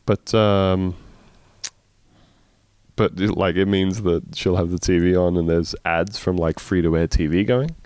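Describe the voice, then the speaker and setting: Deep-voiced Australian man chatting, profane. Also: slow, darkish tone, clear, resonant tone, dry recording. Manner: rambling, profane, many fillers and restarts. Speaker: podcast co-host. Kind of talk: casual chat.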